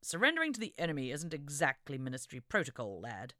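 A woman voicing a stiff gentleman officer who speaks in clipped, muttered, restrained lines. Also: sits low, wildly swooping pitch, fast talker, no echo, studio quality, voice pushed down, exaggerated voice. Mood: exasperated.

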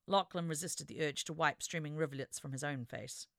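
A woman reading an adventure story aloud as narrator, with expressive, dramatic storytelling. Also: low-pitched, a little fast, no room sound, studio quality. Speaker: audiobook narrator. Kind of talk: scripted narration.

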